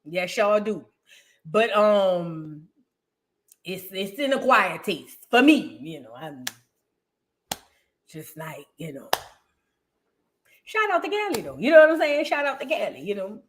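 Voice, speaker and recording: A woman's voice: mid-range voice, big pitch swings, unhurried, long pauses, slight background noise. A woman hosting her own commentary channel, talking in a rambling, slangy and blunt way. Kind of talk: casual reaction commentary.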